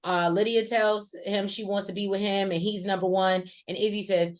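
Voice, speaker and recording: A woman co-hosting a casual recap chat, talking in a chatty, slangy way with lively asides. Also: medium pitch, moderate pace. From rural American South. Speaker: podcast co-host.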